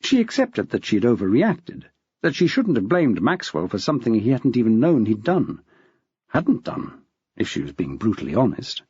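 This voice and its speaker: A man narrating an audiobook in a measured, expressive reading style. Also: medium pitch, husky, no echo. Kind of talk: scripted narration. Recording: dull, dry.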